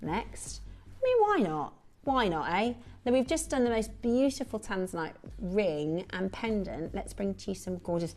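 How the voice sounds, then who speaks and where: A woman presenting a live shopping show, chatty and excitable, with quick asides and repeated exclamations. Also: mid-range voice. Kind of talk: live sales chat.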